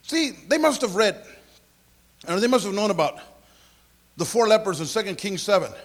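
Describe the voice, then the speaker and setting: High-voiced, lively preaching man. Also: moderate pace. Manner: lively preaching, conversational asides; clears throat often. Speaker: pastor. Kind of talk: sermon.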